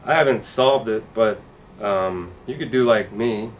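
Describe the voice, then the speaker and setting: A man doing a stand-up comedy set with a dry, deadpan delivery and acted-out quotes. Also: fairly low pitch, measured pace, far from the mic, slight background noise.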